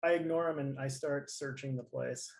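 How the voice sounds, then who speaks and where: A man playing a tabletop game, speaking deliberately between chuckles. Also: mid-range voice, steady tone, vocal fry. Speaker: player.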